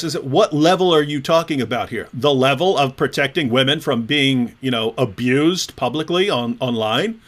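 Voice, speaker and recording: A man hosting a casual livestream, talking in an animated way with frequent restarts. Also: on the high side, moderate pace, few pauses. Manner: animated, repeats words and restarts often. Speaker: host.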